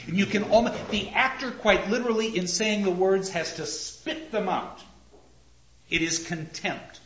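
Animated male lecturer in an echoey hall. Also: sits high, moderate pace, dull audio, slight background noise. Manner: animated, theatrical, reads lines aloud with emphasis. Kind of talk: literature lecture.

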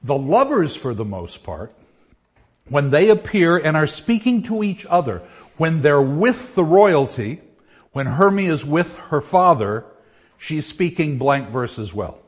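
A man's voice: fairly high pitch, sing-song, slightly rough. Man, teacher, classroom lecture, explains with spoken examples, dull lo-fi sound. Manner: explains with examples, reads lines aloud with pauses.

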